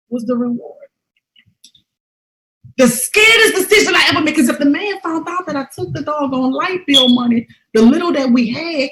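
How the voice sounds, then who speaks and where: A woman, telling a personal testimony in an emphatic, preacher-like way that swings from hushed to loud. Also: high voice, echoey room, low-quality recording. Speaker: motivational speaker. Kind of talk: testimony-style motivational talk.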